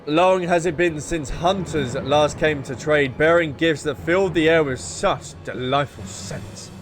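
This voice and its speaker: A man's voice: fairly high pitch, background noise, natural voice. A man voicing a servile, oddly formal insect creature while reading game dialogue. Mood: fawning. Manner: stilted archaic phrasing, slow reading.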